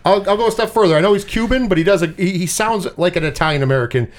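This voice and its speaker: A man hosting a casual pop-culture chat, animated and swearing freely, with lots of repeated words. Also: high-pitched, racing. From US Northeast. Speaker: podcast host.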